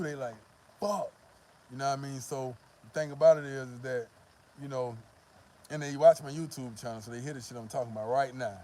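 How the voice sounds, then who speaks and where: A man rants in a loose, streetwise vlog monologue, blunt and full of profanity. His voice sits in a mid register with a warm, mellow tone. Faint traffic hums in the background. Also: medium pitch. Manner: blunt and profane, repeats "you know what I mean". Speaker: vlogger giving dating advice. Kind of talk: casual monologue.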